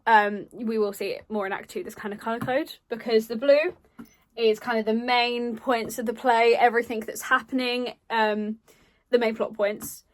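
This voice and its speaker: A woman's voice: a little high, fairly even intonation, normal speed. A young woman, a drama student, casually presenting her project in a chatty way with playful asides and frequent ums.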